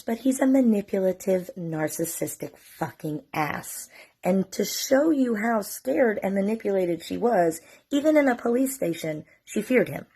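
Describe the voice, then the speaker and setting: A woman's voice: mid-range voice, vocal fry, a little mellow, breathy edge. A middle-aged woman tells a family story to the camera in a casual vlog, emotional and fighting back tears, swearing freely. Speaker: mother telling her family's story.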